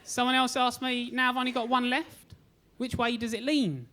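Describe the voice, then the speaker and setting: A man's voice: very high voice, flat delivery, moderate pace, pushed and bright. A young man doing a stand-up comedy set on a club stage, telling self-deprecating stories with a cheeky edge. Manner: cheeky, self-deprecating storytelling with acted-out quotes.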